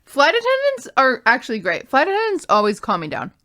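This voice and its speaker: Playful young woman, higher voice. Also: huge pitch swings, fairly quick, sharp tone. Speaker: streamer and co-host. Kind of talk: casual chat.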